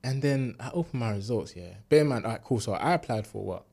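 A man's voice: medium pitch, quick pace, gravelly, slightly rough. A young man in his twenties, a university student telling a faith testimony in a loose, slangy storytelling chat full of fillers. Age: 20s. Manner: relaxed street slang, lots of fillers, animated when retelling.

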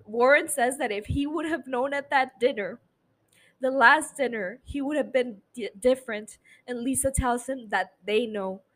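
A woman's voice: sits high, moderate pace, fairly bright tone, poor audio. A woman hosting a podcast from her apartment, casually recapping an episode and swearing freely as she talks into a mic. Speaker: podcast host. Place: home apartment. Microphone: studio mic.

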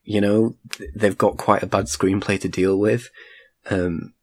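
A man's voice: lowish voice, little pitch movement, measured pace, a little mellow, slightly rough. A man casually reviewing a film in a chat, rambling with frequent restarts. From United Kingdom.

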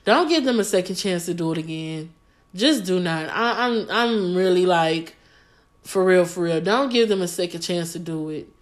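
A woman's voice: on the low side, animated, moderate pace. Blunt, profane young woman venting. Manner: blunt, profane, emphatic and repetitive. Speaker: vlogger giving relationship advice. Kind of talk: casual talking-to-camera vlog.

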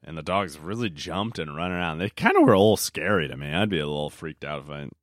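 A man's voice: deep voice, quick pace, no echo, clean studio sound. A young man talking casually on his solo podcast, rambling with lots of fillers and self-corrections. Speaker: podcast host.

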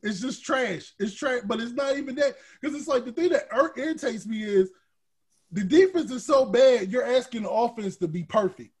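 A man's voice: moderate pace, slightly rough. Fired-up man ranting about football. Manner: animated, swings from shouting to low grumbling. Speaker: podcast host. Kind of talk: heated sports talk.

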